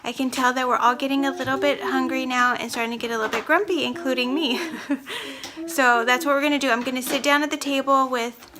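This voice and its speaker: A woman, a homeschooling mother, gently encouraging and praising her children as she teaches them at home. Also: high-pitched, fast. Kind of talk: casual home vlog, teaching and talking to camera. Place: family home. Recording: home recording with steady background noise.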